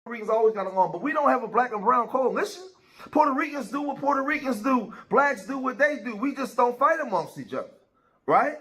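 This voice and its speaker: A man's voice: extremely high pitch, animated, fast talker, a bit bright, poor audio. A man, giving casual commentary in a conversational way and checking in with his listeners. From Philadelphia. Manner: conversational, keeps asking "right?".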